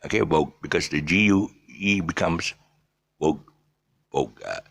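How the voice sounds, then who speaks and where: Low, gravelly man teaching pronunciation. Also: moderate pace, a bit bright. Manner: hesitant, many fillers, spells out letters. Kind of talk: casual pronunciation lesson.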